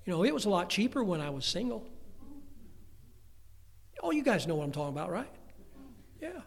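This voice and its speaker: A man's voice: high voice, fairly quick, vocal fry. An older man preaching a sermon as pastor, telling family stories with humorous asides. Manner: lively storytelling with humorous asides. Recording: long hall reverb.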